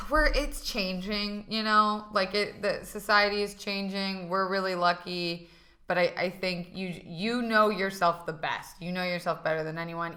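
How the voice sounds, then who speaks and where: A young woman with a bright, sharp voice pitched a bit low co-hosts a candid chat. She speaks frankly and swears freely, animated as she retells what happened. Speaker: co-host.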